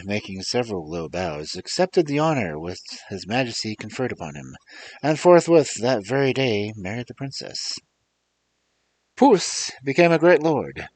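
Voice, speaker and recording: Speaking into a desk microphone, a man with a mid-range voice reads fairy tales aloud as a storyteller. He's expressive and theatrical, breaking off for chatty asides to his listeners.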